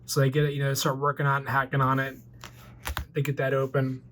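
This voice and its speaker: A man's voice: medium pitch, monotone, fast talker, fairly bright tone, a little hiss or hum. A man in his forties casually retelling a movie plot as a toy collector vlogger, rambling loosely with lots of fillers. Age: 40s.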